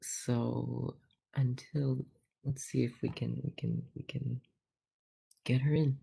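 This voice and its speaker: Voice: medium pitch, level tone, slow, gravelly, warm tone, breathy edge. A meeting chair casually running a student senate meeting over a video call. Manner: casual, chatty presiding.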